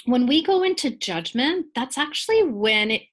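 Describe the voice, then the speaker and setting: A woman in her forties, a guest in a conversational interview, explaining ideas in a playful, animated way and laughing often. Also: high voice, moderate pace.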